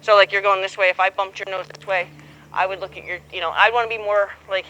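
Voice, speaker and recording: A woman's voice: medium pitch, fairly even intonation, quick pace, sharp tone, a little hiss or hum, poor audio. A woman coaching a horsemanship student outdoors, patient and encouraging, acting out both horse and rider as she explains. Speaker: horsemanship instructor. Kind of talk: hands-on coaching.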